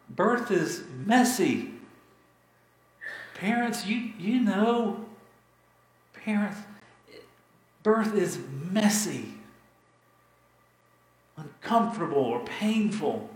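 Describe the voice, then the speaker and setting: A man pastor telling a story in a sermon, dramatic and repetitive, with emphatic pauses. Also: sits high, sing-song, roomy sound, poor audio.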